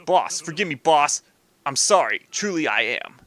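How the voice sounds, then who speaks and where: A man's voice: on the high side, big pitch swings, moderate pace, pushed and bright. A man voicing an earnest, repentant young henchman who pleads with his boss.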